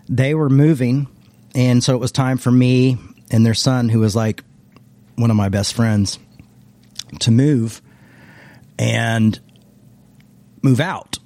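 A man's voice: medium pitch, dark tone, no echo. A man, a former pastor, reflectively telling his life story in a casual interview, meandering and often restarting his sentences.

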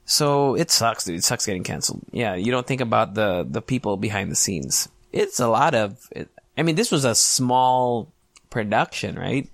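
A man's voice: medium pitch, animated, normal speed, vocal fry, dry recording, clean studio sound. A man in his late twenties hosting a solo podcast, talking casually with swearing and self-mocking humor. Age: 20s. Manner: casual, profane, self-mocking, laughs often. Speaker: podcast host.

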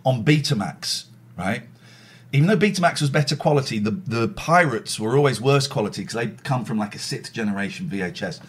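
A man in his forties chatting casually on a podcast, jokey and quick to slip into silly voices. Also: medium pitch, animated, slightly rough. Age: 40s. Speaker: podcast host. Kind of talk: casual chat.

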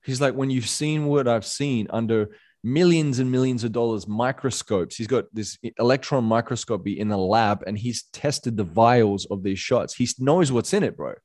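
A man's voice: mid-range voice, moderate pace, a little mellow. A man talking in a casual podcast chat, impassioned and rambling, peppering his speech with "bro" and "man". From Australia. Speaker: podcast guest.

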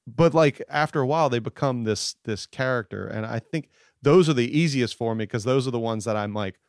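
A man's voice: mid-range voice, brisk, no room sound, clean studio sound. A man talking casually as a podcast guest, rambling with many fillers and restarts. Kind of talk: casual chat.

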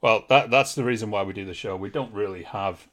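A man's voice: fairly low pitch, brisk, fairly bright tone. A man hosting a podcast interview, friendly and earnest, laughing along with his guest. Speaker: podcast host. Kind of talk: casual interview chat.

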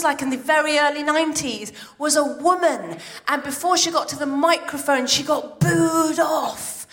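A woman, doing a live stand-up set on a theatre stage, excitable and full of quick asides. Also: high voice. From Iran. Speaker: stand-up comedian.

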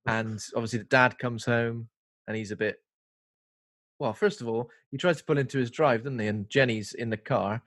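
Young male podcast co-host, mid-pitched, lively storyteller, dry close-miked sound. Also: normal speed, dry recording, faint music behind. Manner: animated storyteller who acts out quotes. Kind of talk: casual film review chat.

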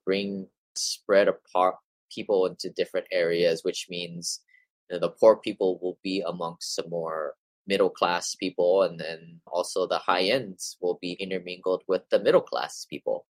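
A low-voiced man talks through material in a relaxed explainer style, reading passages and breaking off to chat with his listeners. The sound is dry and close, with no room around him. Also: moderate pace, no echo, poor audio. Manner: conversational, addresses listeners as you guys, with asides. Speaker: real estate investing newsletter host. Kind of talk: casual explainer reading and commenting on articles.

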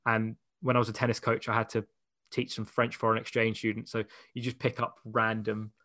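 A young man, chatting as an interview guest, talking in a loose, animated way full of "like"s and restarts. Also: lowish voice, a little fast, no room sound, studio quality. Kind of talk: casual conversational interview.

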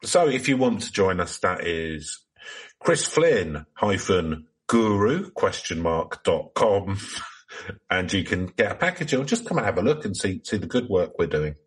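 A man voicing a self-righteous male cult guru in comedic improvised role-play, deadpan and mock-solemn. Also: deep voice, measured pace, slightly rough, exaggerated voice. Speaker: guest.

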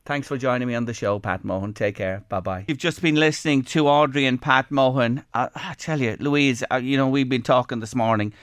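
A man's voice: mid-range voice, steady tone, a little fast, few pauses, no echo. Earnest Irish man hosting radio. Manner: earnest, emphatic, repeats words. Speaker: radio show host. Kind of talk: emotional radio talk. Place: radio studio.

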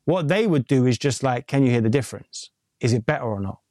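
A man's voice: mid-range voice, lively intonation, fast talker, darkish tone, dry recording, studio quality. A man from England with a London accent, chatting candidly and rambling in a casual interview as a music engineer, swearing casually as he talks. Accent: London English. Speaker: music producer and mix engineer.

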